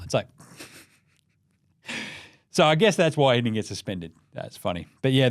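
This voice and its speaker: A young man with an Australian accent hosting a casual basketball recap, sweary and excitable, rambling between scores and jokes. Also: medium pitch, normal speed, pauses often, no room sound, studio quality. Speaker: NBA recap podcast host.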